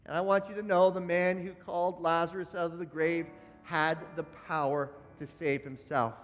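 A man preaching a Good Friday sermon with passion, dropping to a hush and then rising loud. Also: high-pitched, long reverb tail. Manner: impassioned preaching, swinging from hushed to loud. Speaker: pastor.

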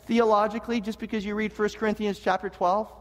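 A man preaching a sermon as pastor, earnest and animated, with humorous asides and frequent restarts. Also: high voice, quick pace. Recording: long reverb of a large hall.

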